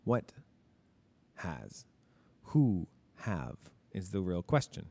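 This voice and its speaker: A man's voice: sits low, sing-song, drawn-out words, gravelly, mellow, slightly rough. A male teacher talking through grammar examples in a casual lesson, asking and answering his own questions. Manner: casual, admits mistakes openly.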